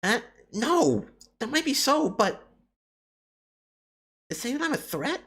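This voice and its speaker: A man voicing a brash young woman with a put-on Southern drawl, high and twangy. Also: big pitch swings, slow, gravelly, a bit bright, husky, full character voice. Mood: indignant. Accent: put-on American Southern.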